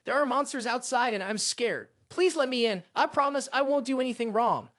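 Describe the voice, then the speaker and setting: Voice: mid-range voice, fairly quick, fairly bright tone, no echo, clean studio sound, voice pushed up, lightly acted. A narrator voicing a cheeky, scheming young male detective who talks in a teasing, wheedling way.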